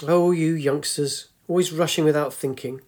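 A man's voice: on the high side, fairly even intonation, normal speed, darkish tone, lightly acted. A man voicing a grumpy, wry old woman of ninety-two in a storybook reading, tart and teasing. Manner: tart, teasing, lecturing the young.

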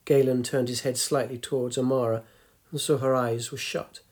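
A man narrating a story in a measured, gently descriptive way. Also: medium pitch, flat delivery. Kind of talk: scripted narration.

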